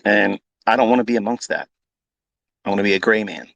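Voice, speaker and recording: A man's voice: fairly low pitch, steady tone, brisk, creaky, a bit bright, no echo, highs cut off. A man talking off the cuff as a trading educator, blunt and combative, swearing freely and repeating himself for emphasis. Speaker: trading educator on a live audio space. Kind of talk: unscripted profane rant.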